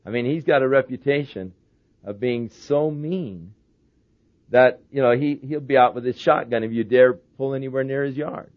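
A man's voice: medium pitch, moderate pace. A man preaching a sermon as a pastor, telling humorous stories. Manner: anecdotal, humorous storyteller. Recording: dull lo-fi sermon recording.

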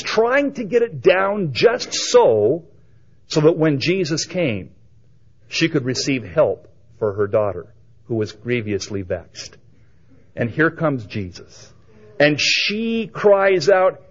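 Dramatic preacher man, lo-fi sound. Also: mid-range voice. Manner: dramatic, swings from loud to hushed. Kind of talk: sermon. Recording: dull lo-fi recording.

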